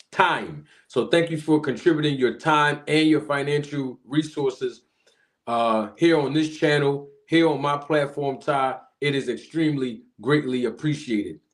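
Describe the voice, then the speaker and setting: Animated man hosting a live stream. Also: on the high side. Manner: animated, shouting out viewers. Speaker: livestream host. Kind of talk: casual live-stream chat.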